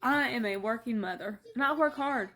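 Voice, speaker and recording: Woman vlogger, angry and close to tears, high voice, swears freely. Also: normal speed, pushed and bright. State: tearful. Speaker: working mother. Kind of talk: emotional vlog rant.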